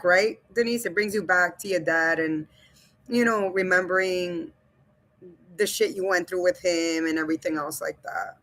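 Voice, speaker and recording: On a relaxed livestream, a woman with a lowish, pushed and bright voice reads comments from viewers aloud and talks straight to her chat. Her manner is blunt and loose, peppered with swearing and laughter.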